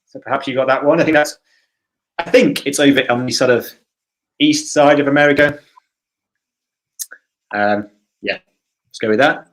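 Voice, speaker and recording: A man runs through quiz answers in a casual, friendly way. His pitch sits at a middling level for a man. He talks in a chatty way, with a few hesitations along the way. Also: normal speed, long pauses, fairly bright tone, low-quality recording. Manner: easygoing, chatty, slightly hesitant. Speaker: quiz host. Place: home, livestream for a church quiz.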